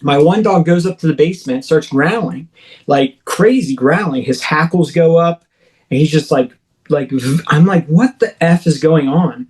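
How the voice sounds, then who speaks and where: A man, a podcast guest, recounting his own experience in a rambling, filler-heavy way and acting out his own shouts as he retells it. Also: on the high side, normal speed, low-quality recording. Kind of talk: first-person storytelling in a podcast interview.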